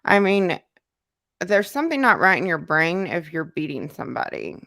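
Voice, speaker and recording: A woman's voice: on the low side, big pitch swings, normal speed, creaky, bright, forceful tone, dry recording, studio quality. A woman hosting a casual livestream and reading out chat comments. She is congested from a cold and talks in a loose, repetitive way with many fillers. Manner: conversational, repeats herself, many fillers.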